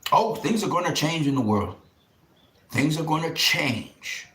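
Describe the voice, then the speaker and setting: A man's voice: fairly high pitch, sing-song, a little slow, sharp tone, reverberant. A man hosting a boxing channel, delivering a fervent, emphatic monologue with repeated vows and drops into harsh whispers. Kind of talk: impassioned monologue to camera.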